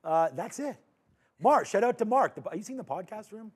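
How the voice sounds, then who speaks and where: A man with a high, bright voice hosts a live markets show. He runs through energetic, loud shout-outs and banter with his co-host. His delivery is lively and upbeat. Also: a little fast, slightly rough.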